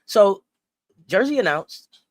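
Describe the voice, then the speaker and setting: A man co-hosting a casual basketball talk show, animated and playful, repeating himself as he restarts thoughts. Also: high-pitched, slow pace, dry recording. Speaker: podcast co-host. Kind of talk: casual sports chat.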